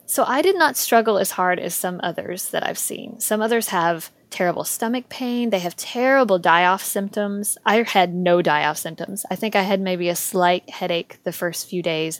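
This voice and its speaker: A woman's voice: on the low side, no room sound. Candid, chatty woman guest. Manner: candid, chatty, frequent ums and laughs. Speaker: podcast guest. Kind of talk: casual interview chat.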